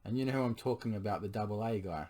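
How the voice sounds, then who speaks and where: A vlogger speaks to his partner in a late-night confessional monologue, his voice a little low, darkish in tone, and worn hoarse. He sounds earnest and pleading, stopping often to clear his throat as his voice fails.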